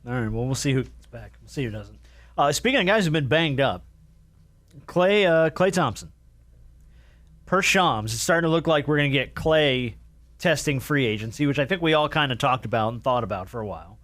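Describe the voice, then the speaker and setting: A man's voice: medium pitch, expressive, brisk, a bit bright. A man hosting a casual sports podcast in an easygoing way, moving the talk from topic to topic. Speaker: podcast host.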